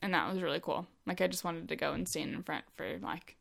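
A woman's voice: fairly low pitch, a little fast, gravelly, a crowd in the background. A young woman telling a story in casual chat, chatty with many fillers.

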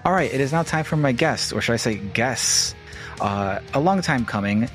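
A man's voice: mid-range voice, lively intonation, normal speed, fairly bright tone, soft background music. A man hosting a podcast, talking in a rambling, chatty way with casual swearing. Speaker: podcast host.

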